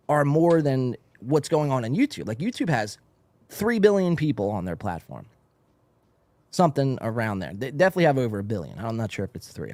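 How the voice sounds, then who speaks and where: A man in a played video clip, mocking someone's low view counts with disbelief. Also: a little mellow, no room sound. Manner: incredulous and mocking. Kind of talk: video rant.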